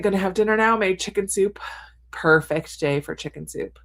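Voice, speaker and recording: Speaking at normal speed in a mid-range, slightly bright voice, a woman runs a cozy reading stream from her attic. This booktuber reads out her viewers' comments and laughs often as she reacts.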